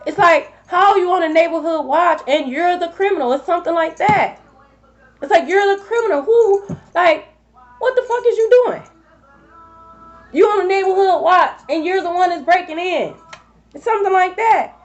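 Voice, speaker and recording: A woman's voice: very high-pitched, moderate pace, soft background music. A woman giving a collective tarot reading, blunt and profane, repeating her points for emphasis. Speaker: tarot reader. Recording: dull lo-fi recording.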